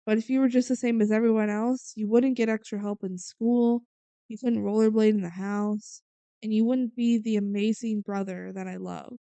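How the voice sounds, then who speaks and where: Brief: woman reading out a teen girl comforting her brother, gentle, smooth voice. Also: mid-range voice, steady tone, moderate pace, no echo, lightly acted. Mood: reassuring.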